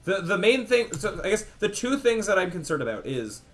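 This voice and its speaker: A man's voice: high-pitched, sing-song, a little fast, fairly bright tone, faint music behind. A young man streaming game development, thinking aloud casually as he tests values, trailing off and restarting his sentences. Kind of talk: casual livestream thinking aloud while coding.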